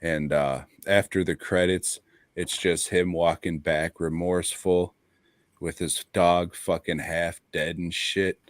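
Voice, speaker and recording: A man's voice: low voice, flat delivery, slow pace, dry recording, clean studio sound. A man co-hosting a casual podcast chat, blunt and profane, laughing often. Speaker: podcast co-host.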